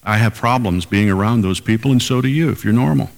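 A man's voice: lowish voice, fast talker, gravelly, long reverb tail. An older man preaching a sermon as pastor, emphatic and repeating key lines for weight.

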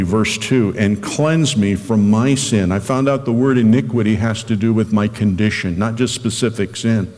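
Earnest low-voiced pastor preaching. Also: male voice, a little mellow, in a large hall. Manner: earnest, slows down and lifts his voice reading scripture. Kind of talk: radio sermon.

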